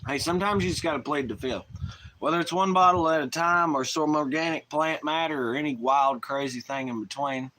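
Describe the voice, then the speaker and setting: A man's voice: fairly high pitch, fairly quick, sharp tone, a little hiss or hum. A man with a Southern US accent chatting casually on a live stream, rowdy and profane, rambling in folksy slang.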